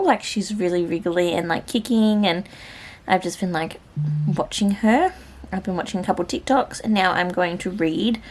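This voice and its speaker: Young woman vlogging, kinda low voice, rambly chatty talk full of likes. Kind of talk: casual vlog chat to camera.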